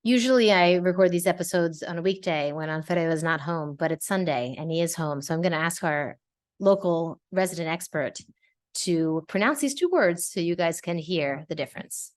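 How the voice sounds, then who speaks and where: A woman hosting a podcast lesson, teaching Spanish to English speakers and slowly repeating words to model pronunciation. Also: fairly low pitch.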